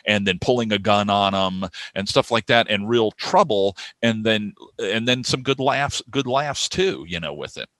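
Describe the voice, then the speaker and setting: A man co-hosting a casual review podcast, telling rambling, animated stories. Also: lowish voice, normal speed, few pauses, no room sound, clean studio sound. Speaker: podcast co-host.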